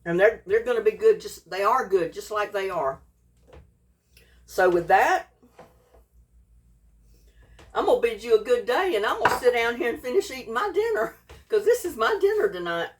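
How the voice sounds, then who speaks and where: A woman's voice: a little high, sing-song, normal speed, pauses often, recorded from a distance, a little hiss or hum. Lady vlogging her cooking, folksy and chatty, eating as she goes, sits back a bit from the mic. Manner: folksy, chatty, eats while talking. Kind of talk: casual cooking vlog, tasting and chatting.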